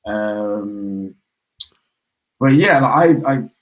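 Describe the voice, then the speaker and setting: A young man from the West Midlands of England, talking as a podcast guest in animated, slang-heavy casual banter about football. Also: fairly low pitch, extremely slow, rough recording.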